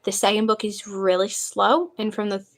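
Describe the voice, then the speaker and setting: A young woman from the United States talks on her phone livestream in a casual, eager way. She rambles a little and answers viewers' questions as she goes. Her voice sits at a middle pitch. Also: fairly even intonation, normal speed. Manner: chatty, eager, reads out chat questions. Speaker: livestream host.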